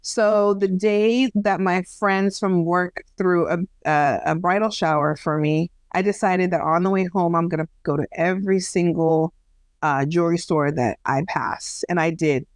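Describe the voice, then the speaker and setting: Animated woman telling a story, dry sound. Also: on the low side, a little slow, dry recording. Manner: animated storyteller, acts out quoted voices, laughs at herself. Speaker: podcast co-host. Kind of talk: casual storytelling chat.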